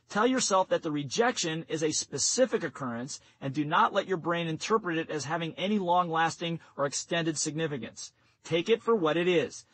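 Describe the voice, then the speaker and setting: A man narrating a nonfiction audiobook in a steady, instructive reading voice. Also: on the high side, rough recording. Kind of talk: scripted narration.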